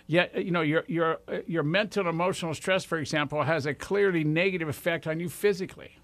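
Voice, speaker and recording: A man's voice: fairly high pitch, quick pace, a bit bright, no echo. A man in his sixties hosting a radio show, giving enthusiastic, rambling motivational talk straight to his listeners. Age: 60s.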